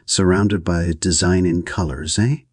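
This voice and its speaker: A man's voice: low-pitched, fairly even intonation, moderate pace, darkish tone, slightly rough. A man reading as a pompous major. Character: blustering British major, florid middle-aged man. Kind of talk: audiobook reading.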